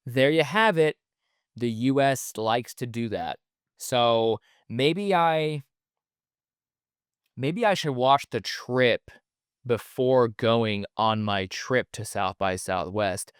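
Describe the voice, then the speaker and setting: A man's voice: medium pitch, takes it slowly, smooth, dry recording, clean studio sound. A man hosting a solo podcast in a casual, rambling way, with lots of fillers and the odd swear word. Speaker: podcast host.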